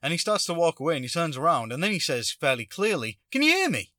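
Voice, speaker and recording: Bright-voiced man telling a story. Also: a little high, fast, no echo, studio quality. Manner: animated, acts out quotes. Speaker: podcast host. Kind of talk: casual storytelling.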